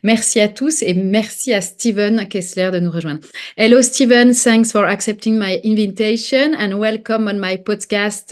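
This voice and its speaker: A woman with a French accent hosting a podcast interview, speaking hesitantly with many pauses as she searches for her words. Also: mid-range voice, fairly even intonation. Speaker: podcast host.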